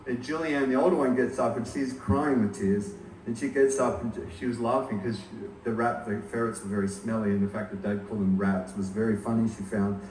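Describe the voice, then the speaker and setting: A low-pitched man in his forties delivers a funeral eulogy, telling funny family stories. His voice carries through an echoey hall, picked up from some distance with a faint hiss of ambience. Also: fairly even intonation, a little fast, darkish tone. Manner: anecdotal storytelling, humorous. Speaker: eulogist, eldest son.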